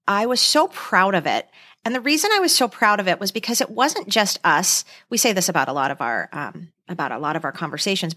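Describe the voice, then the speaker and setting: A woman's voice: mid-range voice, a bit bright. A woman co-hosting a podcast, chatting casually, emotional and gushing, with rambling restarts. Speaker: podcast co-host. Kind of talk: casual chat.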